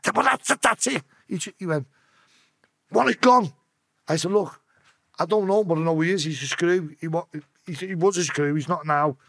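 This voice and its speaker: A man with a Liverpool accent telling stories as a podcast guest, swearing freely and acting out the voices of the people in them. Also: dry recording. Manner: profane, acts out quoted voices with sharp pitch swings. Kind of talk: casual storytelling interview.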